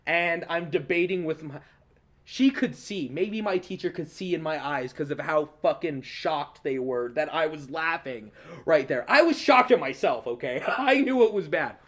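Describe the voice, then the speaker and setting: A young man hosting a podcast, telling a story in a casual, animated way, swearing often and laughing along. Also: a little high, normal speed. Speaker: podcast host.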